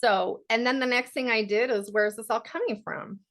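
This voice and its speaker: A woman's voice: fairly high pitch, steady tone, moderate pace, a bit bright. A woman self-help coach speaking in a casual livestream talk, candid and blunt, swearing freely.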